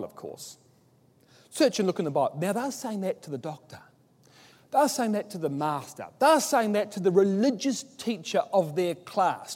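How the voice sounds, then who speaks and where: A man preaching an expository Bible sermon, emphatic, with rhetorical questions and animated scripture quotes. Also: sits high, husky. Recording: long hall reverb.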